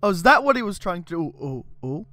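A man's voice: sits high, sing-song, quick pace, sharp tone, no room sound. A man streaming a video game, commenting casually, swearing and joking at a desk microphone. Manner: swearing, joking, laughing to himself.

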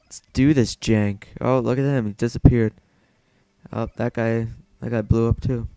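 A man's voice: mid-range voice, fairly even intonation, normal speed, mellow, clean tone, no echo. A young man giving casual solo gameplay commentary, self-mocking and swearing a lot as he mutters to himself.

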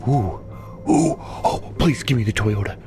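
A man giving casual gameplay commentary as a gaming channel host, excitable and swearing, swinging from muttered whispers to loud whoops. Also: on the low side, measured pace. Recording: voice over loud game music. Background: game music.

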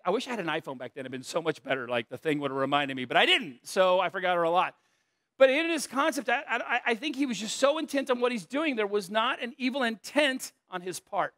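High-voiced pastor preaching in a dry room. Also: male voice, a bit bright, dry recording. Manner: earnest, with joking asides and self-deprecating stories. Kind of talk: conversational sermon.

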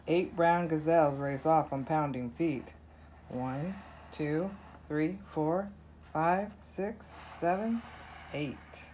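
A woman reading a children's counting book aloud, counting softly and slowly. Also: low-pitched, slight background noise. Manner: slow, soft counting. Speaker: narrator.

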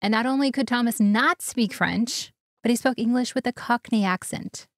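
A woman's voice: on the high side, normal speed, no echo, clean studio sound. A woman co-hosting a casual podcast, leading the story from her notes and laughing often. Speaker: podcast co-host.

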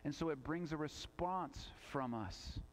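A pastor preaching a sermon in a church, earnest, asking rhetorical questions and reading scripture aloud. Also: male voice, fairly high pitch, measured pace.

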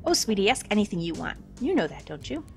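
A woman's voice: medium pitch, very animated, quick pace, vocal fry, soft background music. A woman voicing a sweet-talking female demon servant who coos pet names at her master, in a game read aloud. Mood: coaxing.

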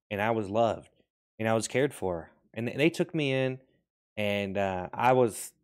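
Earnest low-voiced man, absurd monologue. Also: fairly even intonation, a little slow, clean tone. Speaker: comedy video creator. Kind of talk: absurd deadpan comedy monologue.

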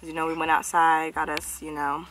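A woman's voice: sits low, completely flat delivery, brisk, a bit bright, a little hiss or hum. A woman in her thirties, a mother hosting a casual family vlog, chatty and teasing as she talks to the camera. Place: car and outdoors.

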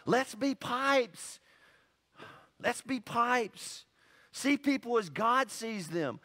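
A male pastor preaching a sermon in an animated, conversational way, full of asides and exclamations. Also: fairly high pitch.

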